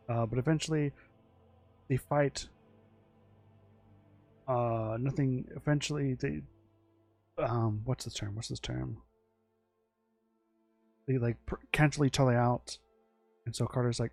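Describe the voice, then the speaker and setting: A man's voice: mid-range voice, fairly even intonation, a little slow, pauses often, darkish tone. Casual rambling man with faint music. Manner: meandering, full of fillers, restarts and swearing. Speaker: creator describing his original characters.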